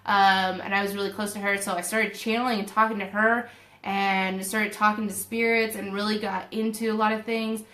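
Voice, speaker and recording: Animated young woman telling a story, roomy. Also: mid-range voice, moderate pace. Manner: animated, emotional retelling with quoted inner voices. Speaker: spiritual video host. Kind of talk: casual personal storytelling. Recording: roomy echo.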